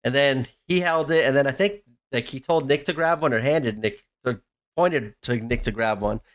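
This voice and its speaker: A man's voice: medium pitch, normal speed. A man co-hosting a podcast, chatting casually and rambling with lots of "like" and swearing. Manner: rambling, heavy use of "like", profane. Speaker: podcast co-host.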